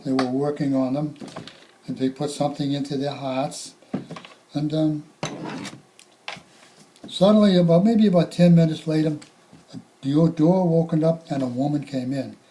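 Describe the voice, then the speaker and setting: An older man, a retired firefighter slowly recounting sad calls, halting and repeating himself. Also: on the high side, fairly even intonation, dark tone, poor audio. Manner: halting, reflective, repeats words. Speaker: retired firefighter telling stories. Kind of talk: spoken reminiscence.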